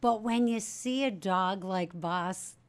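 A woman's voice: medium pitch, slow. Chatty woman from an animal shelter. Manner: chatty, self-correcting, enthusiastic. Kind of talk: casual studio interview.

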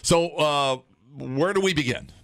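A man's voice: a little high, measured pace, fairly bright tone, dry recording. A man hosting a morning radio show, rambling and joking with plenty of fillers.

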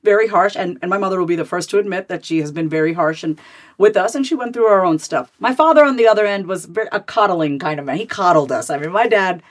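A woman in her thirties, a therapist and author, talking candidly as an interview guest in a fast, animated way, full of "like" fillers and repeated starts. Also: on the low side.

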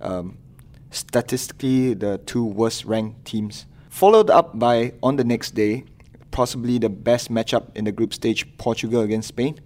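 A man's voice: mid-range voice, measured pace, a little mellow. Sports reporter guy, easygoing and jokey, just chatting. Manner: easygoing, joking. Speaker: sports correspondent. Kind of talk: casual podcast chat.

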